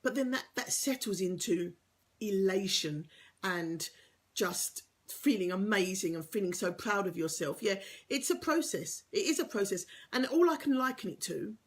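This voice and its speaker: Husky woman coaching earnestly. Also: medium pitch, expressive, normal speed. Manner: earnest, encouraging, drops to a whisper for emphasis. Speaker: life coach. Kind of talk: motivational talk to camera.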